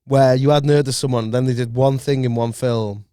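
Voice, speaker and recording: A man's voice: medium pitch, fairly even intonation, normal speed, warm tone, smooth, no echo. A man appearing as a guest on a podcast in a studio, chatting casually in a wry, lightly sweary manner. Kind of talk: casual chat.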